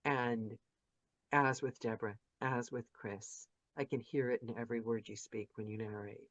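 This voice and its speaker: A woman's voice: extremely low pitch, steady tone, moderate pace, no echo. An enthusiastic woman hosts a casual chat over a video call, piling on praise and circling back mid-sentence. The sound is dry and a bit dull. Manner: effusive, chatty, rambling with restarts. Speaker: podcast host interviewing narrators.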